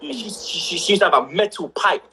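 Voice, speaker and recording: A young man, telling a story on a casual livestream with rising excitement and shouts. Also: sits high, fast, a little hiss or hum, low-quality recording. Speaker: livestream co-host.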